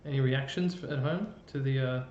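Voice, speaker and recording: A man's voice: brisk, a little mellow. Chatty Australian man explaining music. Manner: chatty, explains with fillers and restarts. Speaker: music presenter. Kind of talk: casual live-stream explainer. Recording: roomy dull live-stream audio with faint rumble.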